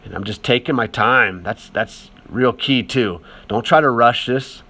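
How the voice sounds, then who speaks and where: A man's voice: medium pitch, measured pace, sharp tone. A man talking casually over a demonstration as an art teacher, chatty and encouraging, with lots of fillers.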